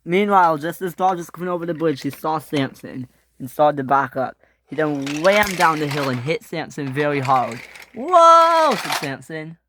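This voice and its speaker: A young man, likely a boy, narrating an improvised toy train story, excitable, with frequent restarts and loud screams for the characters. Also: fairly high pitch, moderate pace, slight background noise.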